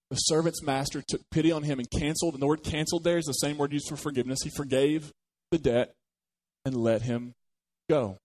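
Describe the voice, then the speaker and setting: Conversational pastor preaching a sermon. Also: male voice, fairly high pitch, steady tone, normal speed, a little mellow. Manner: conversational, asks the congregation questions, jokes.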